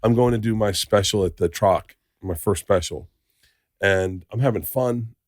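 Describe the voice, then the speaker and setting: A man co-hosting a podcast, telling stories in a casual, animated way and acting out the people in them. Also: fairly low pitch, moderate pace, no echo, studio quality. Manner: animated storyteller, acts out voices. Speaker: podcast co-host. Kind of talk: casual storytelling chat.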